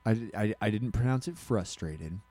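A man's voice: fairly low pitch, lively intonation, moderate pace, dark tone, faint music behind. A man co-hosting a podcast, chatting casually and telling a rambling story full of restarts and self-corrections. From Alaska. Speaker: podcast co-host. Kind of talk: casual chat.

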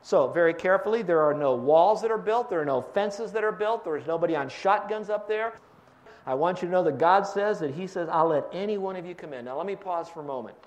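High-voiced male pastor preaching. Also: lively intonation, brisk. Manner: teaching with questions to the congregation. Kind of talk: sermon.

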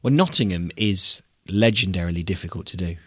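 A man's voice: deep voice, a little fast, fairly bright tone, no echo. A man hosting a casual film podcast, rambling and hesitant, with many restarts. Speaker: podcast host.

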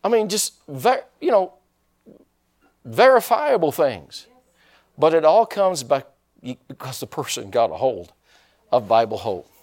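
A man's voice: a little high, sing-song, measured pace, long pauses, darkish tone. A male pastor preaching a sermon, asking the congregation questions and drawing responses. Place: church sanctuary.

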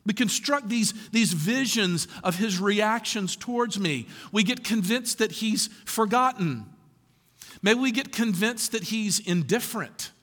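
Lively high-voiced male preacher in a hall. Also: measured pace. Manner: animated, rhetorical questions, laughs through lines. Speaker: pastor. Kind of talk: sermon.

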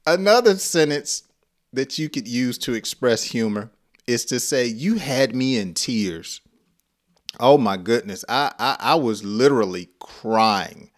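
A man's voice: medium pitch, lively intonation, a little slow. A man teaching an English lesson, acting out example phrases and often breaking into laughter.

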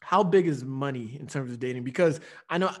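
A man's voice: medium pitch, a little fast. A man hosting a casual podcast, direct in manner, leading topics with questions. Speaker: podcast host.

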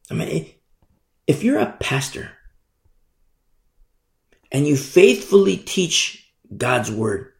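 A man's voice: mid-range voice, a little mellow, roomy sound. A man preaching a sermon, repeating key phrases and asking emphatic rhetorical questions. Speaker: pastor.

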